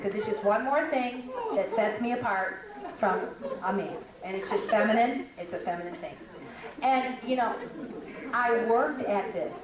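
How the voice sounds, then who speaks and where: A middle-aged woman giving a lively spoken lecture at a Christian women's conference, telling stories and acting out what other people said. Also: on the low side. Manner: animated, storytelling, acts out quoted voices. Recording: echoey hall from a distance with background noise.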